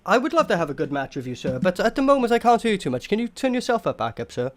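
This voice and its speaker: A man making a comedic prank phone call, talking in an exaggeratedly polite, mock-formal gentleman manner. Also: sits high, big pitch swings, rapid-fire. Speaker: prank caller.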